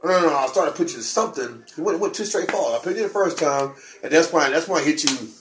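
A man telling a story in casual chat, excitable and rambling, often repeating words and restarting. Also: a little high, fast. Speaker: podcast co-host. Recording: echoey room with faint noise.

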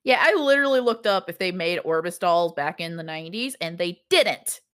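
A woman's voice: fairly low pitch, animated, a little fast, a bit bright, clear, resonant tone. A woman in her thirties co-hosting a casual podcast chat, rambling with lots of "like" and frequent laughter. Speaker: podcast co-host. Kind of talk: casual chat reviewing a TV show.

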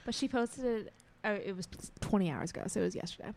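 A woman co-hosting a casual celebrity gossip chat, agreeable and quick to chime in with short replies. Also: mid-range voice, expressive, vocal fry, darkish tone. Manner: agreeable, quick back-channel replies, chatty. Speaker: podcast co-host.

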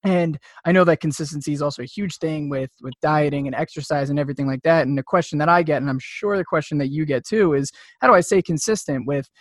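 A man hosting a podcast. He asks long questions in a loose, rambling way, stacking up filler words. His voice is slightly higher than most men's, and the recording is dry and close. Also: quick pace, hardly any pauses, no echo. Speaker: podcast host. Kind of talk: podcast interview.

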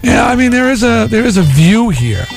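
A man hosting a morning radio show, reading listener emails out loud and riffing on them in an animated, theatrical way. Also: high-pitched, moderate pace, vocal fry. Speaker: radio host. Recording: radio broadcast with music under it.

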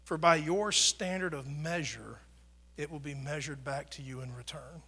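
Man, pastor, sermon; slightly high, bright voice; conversational, dynamic delivery. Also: normal speed, slightly rough. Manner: conversational preaching, rises and drops in volume for emphasis. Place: church.

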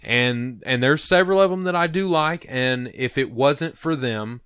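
A man's voice: medium pitch, normal speed, a bit bright, clean tone, no echo, clean studio sound. Emphatic opinionated man in casual chat. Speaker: podcast co-host.

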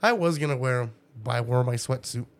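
A man in casual chat, telling an animated story, laughing often and swearing freely. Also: mid-range voice, fast talker.

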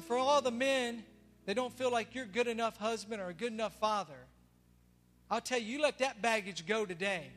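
High, bright-voiced preacher in a hall. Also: male voice. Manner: emphatic, swinging between soft asides and loud declarations. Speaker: pastor. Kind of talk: sermon. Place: church sanctuary. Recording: long reverb of a large hall, faint music.

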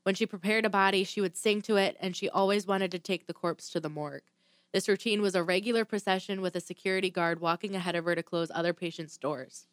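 A woman's voice: on the low side, fairly even intonation, quick pace, no echo. A woman tells a true crime story in a loose, chatty way. She reads through her notes, stumbles now and then, and drops in blunt, profane asides. The sound is dry and close. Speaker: podcast host telling a true crime story. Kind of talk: casual storytelling chat.

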